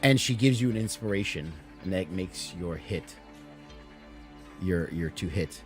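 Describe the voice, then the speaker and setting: A man's voice: low-pitched, animated, unhurried, soft background music. A man narrating as dungeon master in a tabletop game, describing actions in detail and laughing often.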